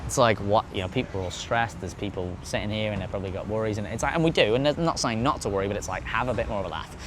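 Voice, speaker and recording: A man's voice: fairly low pitch, racing, background noise. A man talking as a podcast guest in casual conversation, rambling off on tangents and swearing freely.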